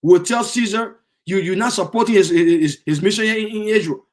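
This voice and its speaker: A man's voice: sits high, brisk, close to an everyday voice. A man preaching voices an angry crowd that makes blunt threats. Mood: threatening. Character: angry hostile crowd demanding death.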